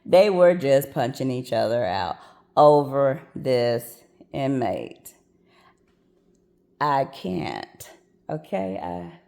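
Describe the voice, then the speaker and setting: A woman's voice: a bass voice, big pitch swings, extremely slow, vocal fry, long pauses, mellow. A woman who works as a prison nurse, telling a story in a blunt, sassy, profane way and acting out what people said. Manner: sassy, blunt and profane, acts out quoted lines. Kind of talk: casual storytelling vlog.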